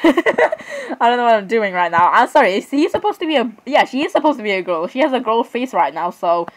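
A young woman chatting excitedly as she comments on her own gameplay, often saying sorry and literally. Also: a little high, fairly quick, low-quality recording. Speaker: gamer.

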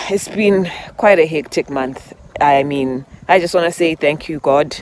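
A woman's voice: sits low, a little hiss or hum. A woman vlogger talking heart to heart while walking outdoors, emotional and rambling, sometimes laughing through tears. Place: outdoors on a walk in public.

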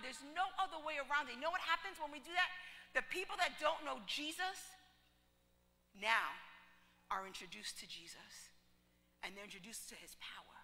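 Woman pastor, sermon storyteller, higher pitched and very bright, reverberant church hall. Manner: animated storytelling, drops to hushed whispers for quoted lines.

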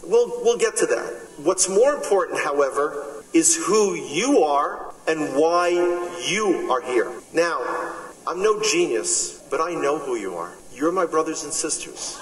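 A man with a Bronx New York accent delivers an emphatic speech with rhetorical questions and wry asides. His voice sits fairly high and rings through a reverberant hall, picked up from some distance with a faint ambient hiss. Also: expressive, a little slow. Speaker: speaker at a gathering. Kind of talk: impassioned religious speech. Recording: echoey hall, speaker far from mic.

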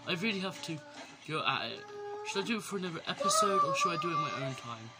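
A man's voice: high voice, huge pitch swings, quick pace, over loud music. A man giving playful, chatty gameplay commentary from his bedroom, breaking into exclamations. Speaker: gaming YouTuber. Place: bedroom at home. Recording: loud background noise.

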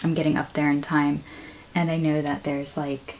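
A woman vlogger gushing and breathless as she opens a package, shaking with excitement and often dropping to a whisper. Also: low voice, normal speed, a crowd in the background, low-quality recording. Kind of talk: excited unboxing vlog. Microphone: camera on tripod.

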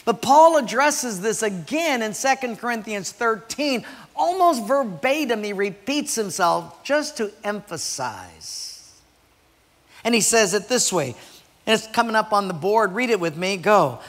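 Man preaching a sermon, gravelly, fairly high voice, long hall reverb, animated storyteller. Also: unhurried. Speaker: pastor. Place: church sanctuary.

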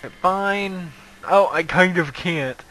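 A young man playing a video game and commenting in a sarcastic, excitable, self-mocking way. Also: sits high, slow, slight background noise, low-quality recording. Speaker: gaming video host. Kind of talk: let's play commentary.

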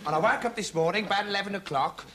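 An actor playing a dim, bumbling young male reporter who talks straight to camera in a deadpan, rambling way, full of "like" and "you know". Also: high voice, rapid-fire, close to an everyday voice. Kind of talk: comic monologue to camera. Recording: noisy TV studio with audience laughter.

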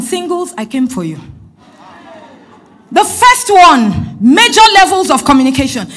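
A woman pastor preaches in a high, bright voice. Her pitch leaps and dips all through, pressing points with repeated phrases and shifting from loud declarations to quiet asides. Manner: swings between loud emphatic lines and soft asides. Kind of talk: sermon.

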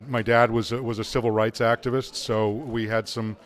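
A man's voice: mid-range voice, little pitch movement, moderate pace. A man from Boston, a film director, answering interview questions in a hesitant way. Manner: hesitant, many uh fillers.

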